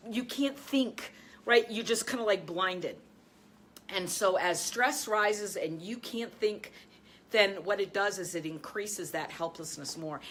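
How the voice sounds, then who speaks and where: This is a woman host, a life and business coach, delivering an energetic lesson aimed right at her viewers, with frequent laughter. She eventually eases into a quiet, low voice as she guides them through breathing.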